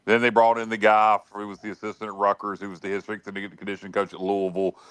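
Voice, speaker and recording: A man's voice: lowish voice, completely flat delivery, fast talker, fairly bright tone, clean tone, no echo. A man co-hosting a casual sports talk show, giving frank opinions with many hedges and restarted sentences. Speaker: podcast co-host and analyst.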